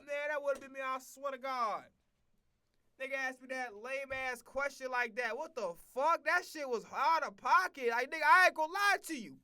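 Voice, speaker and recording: A streamer with a bright, forceful voice and a middling pitch, ranting in a loose, profane and animated way, tripping over his own words. His voice is recorded dry and close on a desk mic, with no room sound. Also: normal speed, dry recording. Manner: profane, animated, rambling with restarts. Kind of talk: casual reaction rant.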